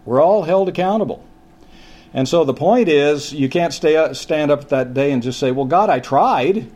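An older man preaching a conversational sermon as pastor, folksy and halting, with frequent restarts and a slowing, emphatic delivery on key points. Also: a little high, dark tone.

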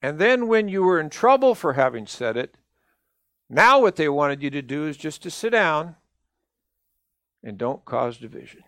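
Older guy preaching a sermon, higher voice, earnest and emphatic, dry sound. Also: a bit bright, no echo. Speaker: minister.

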